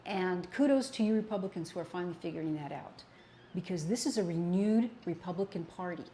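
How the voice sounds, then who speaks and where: Older woman, co-host, earnest and emphatic, low mellow voice, faint room noise. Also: a little fast. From American Southwest. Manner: earnest, emphatic, repeats herself for stress. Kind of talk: casual political talk show chat.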